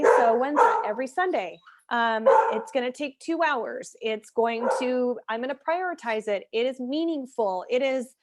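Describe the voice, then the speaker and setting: A woman's voice: on the high side, very noisy. A woman fitness and nutrition coach speaking candidly over a video call, chatty with many fillers, leading an online workshop. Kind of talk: casual online workshop talk.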